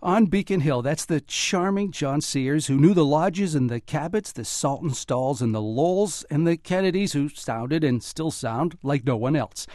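Lively, animated male radio host. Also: fairly high pitch, no room sound, clean studio sound. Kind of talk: radio feature narration and talk show hosting. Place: radio studio.

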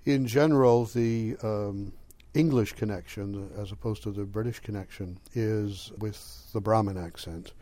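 An older man speaks in a measured, lecturing way during an interview. His voice sits somewhat low and sounds mellow and dark. He pauses to think and weighs his words. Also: steady tone, dry recording. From Boston area. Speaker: interviewee, language scholar. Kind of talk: conversational interview answers.

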